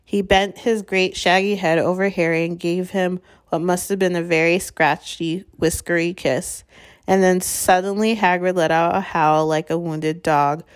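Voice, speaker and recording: A woman narrating a chapter of a storybook in a measured, steady way. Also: fairly low pitch. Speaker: audiobook reader.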